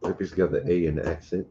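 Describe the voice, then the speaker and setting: A man's voice: low-pitched, dark tone, slight background noise. A man with a Southwest Louisiana accent co-hosting a casual livestream, chatting and reading out viewer comments. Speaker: livestream co-host. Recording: roomy, dull home livestream audio.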